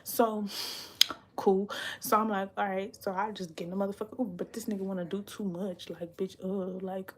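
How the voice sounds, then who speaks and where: A young adult woman hosts a casual, confessional livestream, speaking briskly in a level, mid-range voice. She's blunt and profane, rambles, and sometimes drops into a whisper. There's slight background noise.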